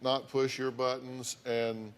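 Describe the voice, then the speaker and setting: A man's voice: medium pitch, flat delivery, takes it slowly, a little hiss or hum. A man hosting a talk show, lecturing guests in a blunt, sarcastic way from a TV studio. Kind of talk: confrontational talk show counseling.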